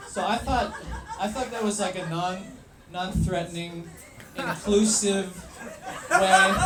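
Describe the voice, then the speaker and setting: A man telling a true story live, in an animated, wry way with pauses for effect. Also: sits high, roomy sound, heavy background noise.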